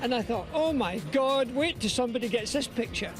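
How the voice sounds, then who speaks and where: An older Scottish man tells a lively story in an unusually high voice. Music plays clearly in the background behind his speech. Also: fairly quick. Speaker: racing broadcaster, guest.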